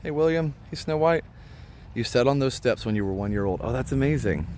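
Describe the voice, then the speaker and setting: A man's voice: mid-range voice, animated, fairly quick, a little mellow. A man from Indiana hosting a casual live-stream tour outdoors in a park, rambling with lots of fillers and greeting viewers by name. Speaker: livestream host. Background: faint traffic.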